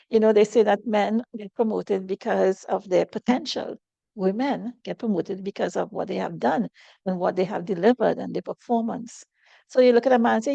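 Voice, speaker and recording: A woman's voice: medium pitch, moderate pace, creaky, warm tone, dry recording, muffled recording. A middle-aged woman, an interview guest speaking earnestly and reflectively about personal hardship.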